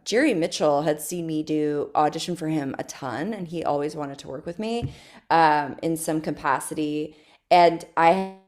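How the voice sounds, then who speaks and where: A woman actress as a podcast guest, telling stories in a chatty, animated way and laughing often. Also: sits low. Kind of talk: casual interview chat.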